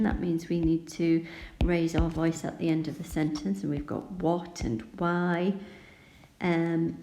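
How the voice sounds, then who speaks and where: A woman teacher talks through a poem in a slow, unhurried way, calm and explanatory. Her voice is low and mellow. The room around her sounds echoey. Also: creaky, slight background noise. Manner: calm, explanatory, reads verse aloud. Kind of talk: poetry annotation lesson.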